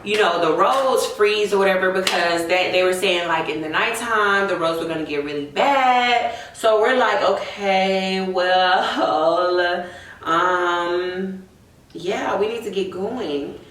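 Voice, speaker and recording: A woman's voice: medium pitch, slow pace. Chatty young woman, echoey room. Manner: animated, chatty, says "y'all" often. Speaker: beauty vlogger. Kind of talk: casual storytime chat while doing makeup. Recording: echoey room, voice a bit distant from the mic.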